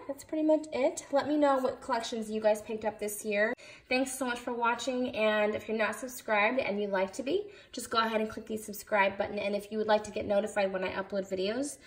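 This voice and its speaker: A young woman showing off craft supplies in a casual vlog, gushing over each item with lots of fillers. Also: medium pitch. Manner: gushing, enthusiastic, many fillers. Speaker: craft vlogger. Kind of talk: casual haul video chat.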